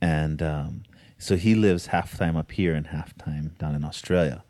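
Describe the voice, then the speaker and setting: A man's voice: rumbling low, fairly even intonation, measured pace, darkish tone, dry recording, clean studio sound. A man chatting casually and enthusiastically about spearfishing and hunting, swearing freely. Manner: laid-back, profane, enthusiastic. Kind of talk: casual podcast chat.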